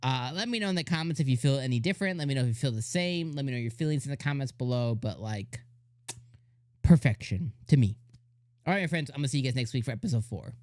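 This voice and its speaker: A man giving a casual anime episode review, excitable and laughing often, with lots of "like" fillers. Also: medium pitch, quick pace, no echo, clean studio sound.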